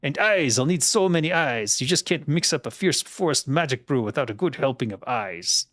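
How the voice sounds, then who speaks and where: A man's voice: mid-range voice, lively intonation, fast talker, natural voice. A man voicing a scheming male game troll mixing a magic brew, in a clumsy put-on troll accent with a gloating, sing-song manner.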